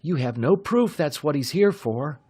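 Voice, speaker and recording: A man voicing a bold, quick-witted young pilot, pitched above his narrating voice and louder. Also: lively intonation, slightly rough. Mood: eager. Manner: eager, higher-pitched and louder than the narration.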